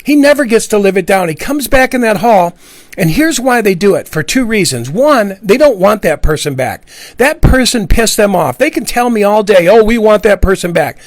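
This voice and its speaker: Middle-aged man, high pitch, passionate repetitive monologue. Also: big pitch swings, moderate pace, dry recording. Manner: earnest, repetitive, acts out quoted voices. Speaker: ex-Jehovah's Witness speaking out. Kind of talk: impassioned monologue.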